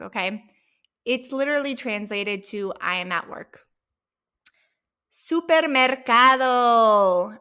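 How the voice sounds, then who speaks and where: A woman teaching an online language lesson from home, sounding out each word slowly and checking in with "okay?". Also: on the high side, bright, forceful tone. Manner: slow, drawn-out demonstration of words with frequent "okay?" checks. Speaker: Spanish teacher.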